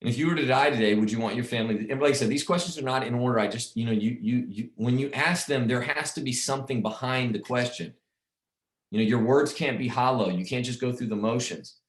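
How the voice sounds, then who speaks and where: A man gives casual sales training to insurance agents about their calls, rambling and repeating himself. His mid-range voice moves fast, and the recording sounds roomy.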